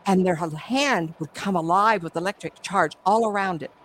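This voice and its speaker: A woman's voice: fairly low pitch, moderate pace, fairly bright tone, slight background noise, low-quality recording. A middle-aged woman, a psychic medium, telling stories animatedly in an interview and acting out the voices. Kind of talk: conversational interview storytelling.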